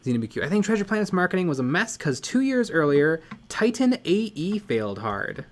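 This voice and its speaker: A man chats on a livestream and reads out viewer comments in a playful, chatty way. His voice sits fairly high and swings widely in pitch. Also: big pitch swings, a little fast. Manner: chatty and playful, with frequent fillers. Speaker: livestream co-host. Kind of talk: casual chat reading viewer comments.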